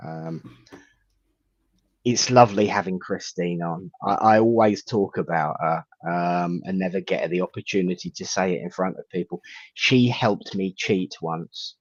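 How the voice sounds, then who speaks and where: A man, a reverend hosting a casual live chat, rambling warmly and greeting viewers by name. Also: sits low, measured pace, no echo. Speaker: host, reverend. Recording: dull lo-fi sound.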